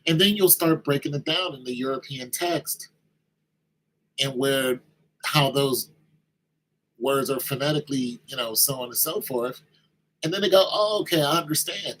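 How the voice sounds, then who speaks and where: Husky, bright-voiced man giving an informal sermon. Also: mid-range voice, measured pace, pauses often, rough recording. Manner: conversational, acts out little exchanges in raised voices. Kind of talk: informal sermon-style talk.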